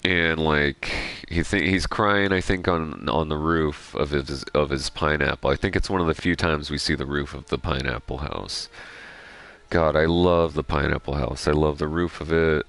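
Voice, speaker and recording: Very deep, gravelly man rambling. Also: normal speed, fairly bright tone. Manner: digressive, joking, profane. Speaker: gaming streamer. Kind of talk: rambling gameplay commentary.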